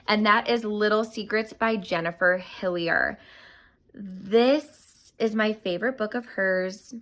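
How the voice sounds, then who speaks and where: A woman's voice: mid-range voice, unhurried, a bit bright. A young woman giving an enthusiastic, gushing book review in a casual chat, a little out of breath.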